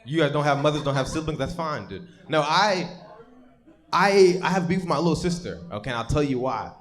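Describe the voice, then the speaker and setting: A man's voice: a little high, animated, a little fast. A young man doing a live stand-up set on a comedy stage, telling rambling, profane stories with lots of stammered restarts. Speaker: stand-up comic.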